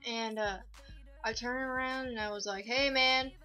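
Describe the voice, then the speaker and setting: A woman's voice: fairly high pitch, fairly even intonation, moderate pace, a bit bright, soft background music. A young woman talking casually in a rambling, goofy and profane show-and-tell vlog, full of fillers. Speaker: vlogger.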